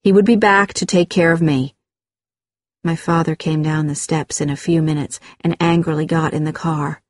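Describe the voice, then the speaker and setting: Woman, memoir narration, low voice, measured, dry close recording. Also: fairly even intonation, no room sound.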